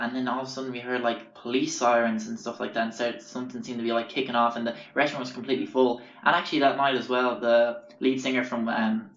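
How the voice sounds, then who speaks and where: A podcast host with a mid-range, slightly bright voice rambles through sweary anecdotes, acting out the people he quotes. The casual storytelling is captured in a roomy, dull, lo-fi recording.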